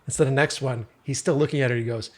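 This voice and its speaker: A man hosting a podcast interview in a loose, casual way, laughing often and swearing freely. His voice has a husky, breathy edge at a middling pitch. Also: fairly even intonation, fast talker. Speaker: podcast host.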